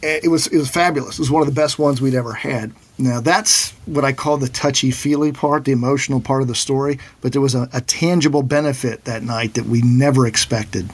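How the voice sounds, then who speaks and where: Husky-voiced man telling a story. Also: mid-range voice, fairly quick, few pauses. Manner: animated storyteller who acts out quoted voices. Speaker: financial planner and guest. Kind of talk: conversational storytelling.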